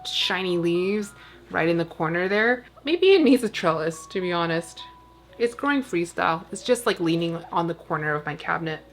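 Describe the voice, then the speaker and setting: Chatty woman with a lowish voice. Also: fairly bright tone. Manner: chatty and rambling, full of "like" fillers. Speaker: plant vlogger. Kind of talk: casual chat while tending plants. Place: at home by her plant cabinet.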